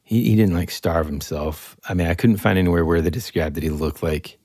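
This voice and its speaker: A young man co-hosting a casual podcast chat, rambling and animated, with lots of fillers. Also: low voice, fairly quick, no echo, clean studio sound. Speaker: podcast co-host.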